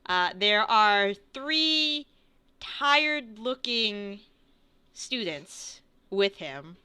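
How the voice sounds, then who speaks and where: Slow, bright-voiced woman game master. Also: mid-range voice, animated, smooth. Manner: hesitant, many fillers and restarts. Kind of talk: narrating a tabletop game.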